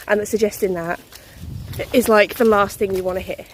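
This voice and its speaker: A woman's voice: medium pitch, steady tone, unhurried, slight background noise. A young woman chatting casually to her phone while walking her dog through a muddy forest, a little out of breath and laughing often. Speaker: vlogger.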